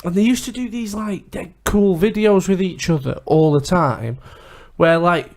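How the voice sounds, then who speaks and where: A man's voice: high voice, measured pace, darkish tone. A man co-hosting a podcast, telling fight stories bluntly in casual chat and swearing freely. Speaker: podcast co-host.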